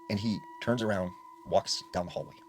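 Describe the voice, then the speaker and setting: A man's voice: fairly low pitch, steady tone, brisk, a little hiss or hum. A man casually retelling spooky stories in a conversational way, full of fillers like "like". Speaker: storyteller. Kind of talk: casual spoken ghost story narration.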